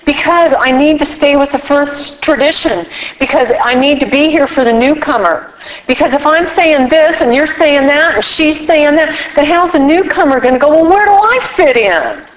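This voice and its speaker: A woman speaking casually at a recovery meeting, animated and acting out little quoted voices as she explains. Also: high-pitched, moderate pace, poor audio. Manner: animated, acts out quotes with props. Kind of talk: casual workshop talk.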